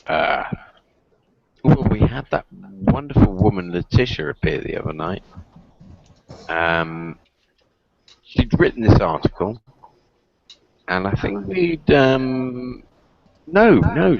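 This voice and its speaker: Deep-voiced tipsy man rambling. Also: vocal fry. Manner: rambling, self-correcting. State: a bit drunk. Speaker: stream host. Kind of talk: casual podcast chat. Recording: muffled lo-fi stream with crowd noise.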